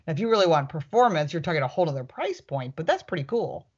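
A woman who reviews cars, chatting on a panel and telling a story with lively quoted lines. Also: low voice, quick pace, slightly rough, lo-fi sound. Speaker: car reviewer with a YouTube channel. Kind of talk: casual panel chat.

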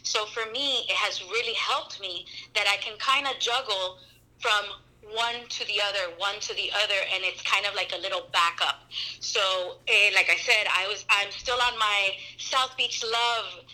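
A woman who works as a voice actor and dancer, chatting casually as a podcast guest. She is animated and expressive and drops in Spanish words. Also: mid-range voice, normal speed, poor audio. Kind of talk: casual interview chat.

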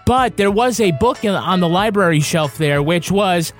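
Relaxed, hesitant man co-hosting a podcast. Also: high voice, moderate pace, faint music behind. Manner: relaxed, hesitant, lots of uh fillers. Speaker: podcast co-host. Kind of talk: casual podcast chat and announcements.

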